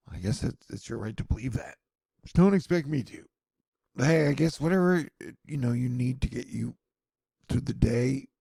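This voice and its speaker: Man, sardonic news rambles, gravelly voice, husky tone. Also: medium pitch, mellow, dry recording. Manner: sardonic, rambling, self-mocking asides. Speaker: news commentary vlogger. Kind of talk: casual rambling news commentary.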